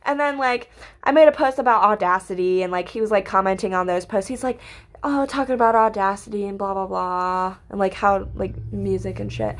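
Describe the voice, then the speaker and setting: A young woman telling a casual storytime to her viewers, chatty and full of "like" and "literally", swearing freely and breaking into excited squeals. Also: medium pitch, a little fast. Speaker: vlogger.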